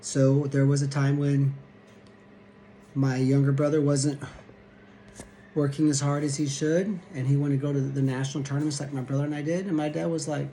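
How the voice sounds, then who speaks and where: A man's voice: fairly high pitch, flat delivery, moderate pace, dark tone, a little hiss or hum. A man in his fifties from Missouri, a wrestling coach telling stories in a blunt, plain-spoken way. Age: 50s. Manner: blunt, plain-spoken, acts out quoted voices. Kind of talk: storytelling talk to camera.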